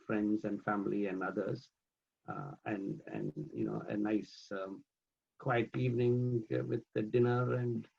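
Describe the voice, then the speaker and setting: A man answering interview questions in a relaxed, conversational way, hesitating often with fillers and repeated words over a video call. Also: medium pitch, gravelly, slightly rough, dull audio. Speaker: guest, managing trustee of a charity.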